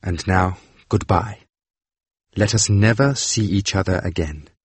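A man's voice: low voice, a little slow, breathy edge, no room sound. A man voicing a cold, stern scientist. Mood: weary. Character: cold, reluctant male scientist. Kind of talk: audiobook dialogue.

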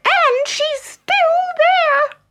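A woman voicing a tiny baby bear cub who squeals in a very high voice, in a storybook reading. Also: very slow, pushed and bright, heavily acted. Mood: upset.

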